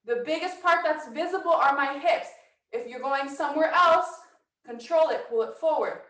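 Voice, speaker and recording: A woman teaching a dance workshop, coaching brisk and counting steps, a little out of breath. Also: high voice, fairly bright tone, echoey room, far from the mic, rough recording. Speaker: dance instructor. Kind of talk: online dance workshop instruction. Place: house.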